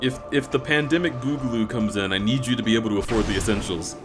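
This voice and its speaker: A male variety streamer chats live over a game in a mid-pitched voice, effusive and thankful. He rambles and restarts his sentences. Quiet music plays underneath. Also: fast talker. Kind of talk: live-stream chat while gaming.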